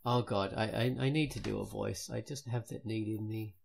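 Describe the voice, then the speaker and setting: A woman's voice: a bass voice, steady tone, normal speed, gravelly, darkish tone, slight background noise. A woman co-hosting a casual podcast, rambling with self-mocking asides. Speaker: podcast co-host.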